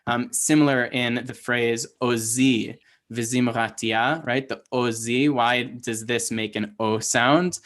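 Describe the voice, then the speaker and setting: A man's voice: mid-range voice, steady tone, takes it slowly, fairly bright tone. Man patiently teaching an online class. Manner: patient, explanatory, checks in with "right?". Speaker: Hebrew teacher. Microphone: video call.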